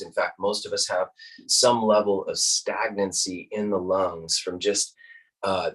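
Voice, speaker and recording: A man teaching a guided breathing lesson, calm and instructive, demonstrating each breath aloud. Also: low voice, breathy edge, recorded from a distance, rough recording.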